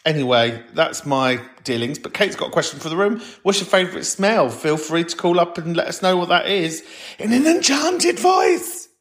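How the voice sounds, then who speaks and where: A man's voice: a little high, a little fast, hardly any pauses, a bit bright. Camp, sardonic man. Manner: camp, sardonic, theatrical outbursts. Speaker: podcast host. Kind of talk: comedic solo podcast with listener calls.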